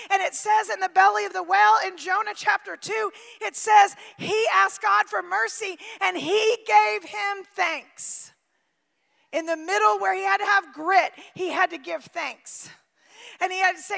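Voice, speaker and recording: A woman preaching a sermon with emphatic swings from shouting to near-quiet. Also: very high-pitched, creaky, long reverb tail.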